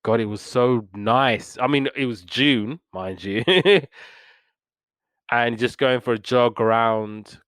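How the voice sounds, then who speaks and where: A man's voice: medium pitch, slow, a bit bright, no room sound. A man hosting a podcast, casually retelling cartoon episodes in a rambling way with lots of fillers and restarts. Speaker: podcast host reviewing old cartoons. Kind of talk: casual review chat.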